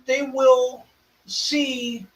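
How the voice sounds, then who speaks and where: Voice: high voice, level tone, extremely slow, far from the mic, rough recording. A co-host in casual talk who teases the host and questions what he says.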